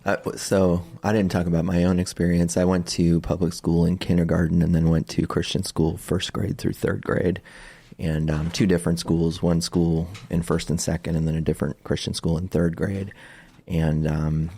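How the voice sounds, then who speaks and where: A man's voice: deep voice, little pitch movement, normal speed, creaky, mellow, husky. A man, a pastor co-hosting a podcast, talking casually in a rambling, hesitant way with many fillers. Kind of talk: casual conversation.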